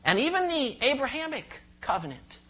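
A pastor preaching a sermon, expressive and questioning the congregation, explaining scripture verse by verse. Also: sits high, normal speed. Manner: explains Greek words and cites verses.

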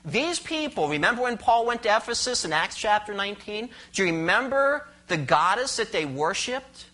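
A pastor preaching a sermon, expressive and questioning the congregation, explaining scripture verse by verse. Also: medium pitch, moderate pace. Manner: explains Greek words and cites verses.

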